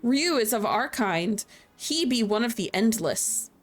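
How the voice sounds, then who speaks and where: A woman's voice: on the high side, expressive, faint music behind. Woman reading as an ancient solemn dragon. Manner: slow, measured, formal old-fashioned phrasing. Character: ancient solemn dragon speaking archaic English.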